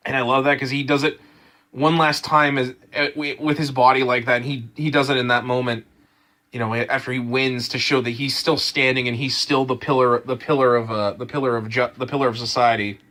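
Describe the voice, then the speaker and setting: A man casually rambling through an anime episode review, full of fillers, restarts and excitement. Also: medium pitch, a little fast.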